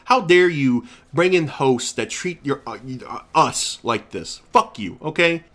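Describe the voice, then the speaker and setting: A man's voice: medium pitch, big pitch swings, moderate pace, few pauses, fairly bright tone. A man delivering a heated, profane, sarcastic rant, repeating himself and restarting lines as he gets worked up. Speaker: YouTube commentator. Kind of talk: angry rant to camera.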